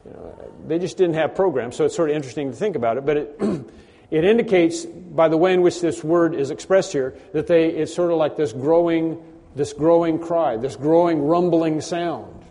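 A man preaching a conversational sermon, often clearing his throat and repeating words. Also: a little high, moderate pace, mellow. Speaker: pastor. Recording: long hall reverb.

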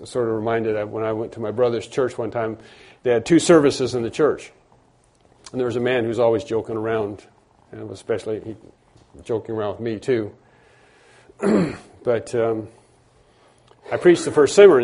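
A man's voice: medium pitch, dark tone. A middle-aged man preaching a sermon, explaining a passage earnestly and often repeating words for emphasis. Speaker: pastor.

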